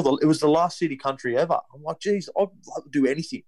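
A young Australian man tells a long story in a relaxed interview, and the words come quickly. He restarts and loops back over himself constantly. His voice sounds dry and close to the mic. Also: a little high, no echo, rough recording. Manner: rambling with many restarts and "you know". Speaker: guest, rugby league player.

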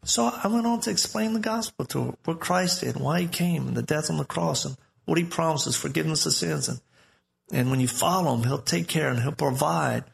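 A man's voice: on the high side, brisk, creaky. A man preaching a live sermon in a conversational, storytelling way.

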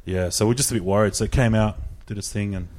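A young man, a guest chef telling a story in animated, casual chat, swearing freely and stacking up fillers. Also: fairly low pitch, fast.

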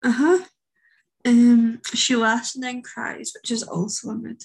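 A woman's voice: a little high, flat delivery, measured pace, vocal fry, crowd noise, low-quality recording. A woman co-hosting a podcast, chatting casually with wry, offhand asides. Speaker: podcast co-host. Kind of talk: casual chat.

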